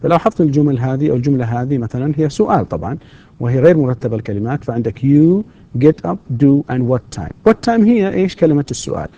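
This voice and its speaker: A man's voice: medium pitch, lively intonation, rapid-fire, warm tone, highs cut off. A man giving a university English lecture, switching between explanations and English example questions. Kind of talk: recorded distance-learning lecture.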